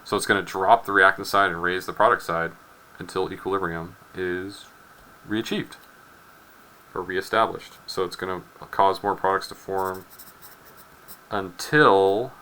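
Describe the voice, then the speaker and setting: A man's voice: low-pitched, fairly even intonation, a little slow, long pauses, bright, forceful tone, slight background noise, rough recording. A man teaching a chemistry lecture in a loose, joking way, rambling into asides and often repeating his words. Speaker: chemistry instructor. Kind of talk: casual recorded lecture.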